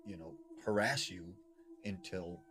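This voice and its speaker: A man's voice: deep voice, steady tone, noisy background. A man doing a solemn old medicine man. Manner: solemn, measured warning. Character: grave older male medicine man.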